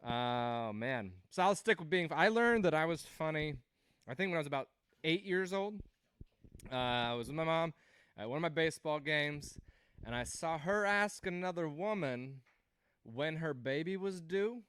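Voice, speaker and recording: A man's voice: on the high side, animated, normal speed, a bit bright, clean tone, no room sound. A man in his thirties doing a rambling, self-deprecating stand-up set on a livestream, laughing at his own jokes. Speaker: stand-up comedian hosting a livestream.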